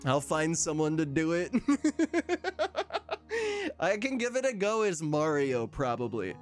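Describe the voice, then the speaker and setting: Over soft background music, a man with a voice on the high side talks slowly but very animatedly. He's streaming casually, chatting with viewers, reading their messages aloud and laughing often.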